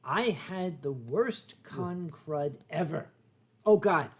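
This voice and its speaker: An older man hosting a boozy chat show, telling rambling stories, swearing freely and stopping to cough and clear his throat. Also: fairly high pitch, expressive, slow pace. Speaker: host. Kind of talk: boozy late-night chat show banter.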